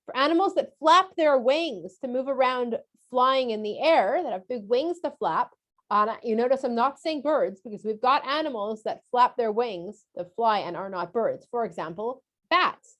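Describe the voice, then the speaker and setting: A woman's voice: fairly high pitch, animated, moderate pace, a bit bright. A woman teaching a casual lesson for kids, chatty and explanatory with frequent filler sounds.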